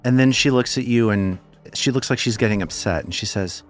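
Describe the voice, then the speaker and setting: A man narrating as game master of a tabletop game, lively and chatty. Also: medium pitch, brisk, soft background music. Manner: lively, animated storytelling.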